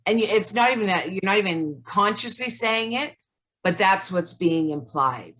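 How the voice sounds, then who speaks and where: A woman's voice: medium pitch, lively intonation, moderate pace, fairly bright tone. A woman co-hosting a casual self-help chat over a video call, reflective and searching, leaning on "like" as she thinks aloud. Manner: reflective, says "like" often. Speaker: co-host.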